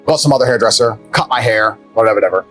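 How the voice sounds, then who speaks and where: A man's voice: on the low side, racing, a bit bright, soft background music, rough recording. A man telling a personal story as an interview guest, blunt and profane, with rambling asides.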